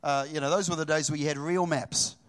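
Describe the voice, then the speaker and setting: A middle-aged man from New Zealand preaching, telling a personal story with animated delivery and acting out both sides of the dialogue. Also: on the high side, fairly quick.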